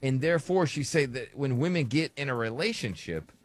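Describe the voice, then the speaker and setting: Man, podcast co-host, casual chat, lively, dry sound. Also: mid-range voice, a little fast, dry recording. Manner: animated, jokes in an old-timey voice.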